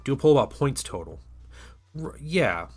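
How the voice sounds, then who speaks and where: A man's voice: mid-range voice, sing-song, normal speed, a little mellow, husky, soft background music. A man hosting a casual livestream while he paints miniatures, rambling and chatty with lots of restarts, and tired today.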